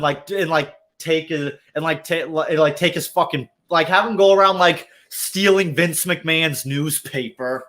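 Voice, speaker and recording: A man hosting a livestream chats casually in a slightly high, slightly bright voice, going at a moderate pace with hardly any pauses. His talk is a rambling rant packed with swearing and filler words.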